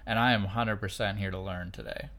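A parent co-hosting a casual podcast, telling everyday stories with animation and frequent laughter. The voice sits very low in pitch and is picked up close on a studio podcast mic. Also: fairly quick. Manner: animated storytelling, laughs often.

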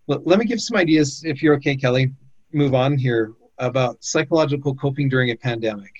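A man's voice: mid-range voice, brisk, darkish tone, no echo, dull audio. A man hosting a conversation who gives encouraging coaching advice, often repeating words as he talks. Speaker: host. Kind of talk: casual chat, coaching advice.

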